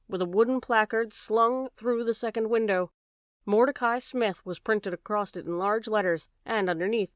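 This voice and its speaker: A woman narrating a classic novel as an audiobook reader, steady and measured. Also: mid-range voice, smooth, dry recording, clean studio sound.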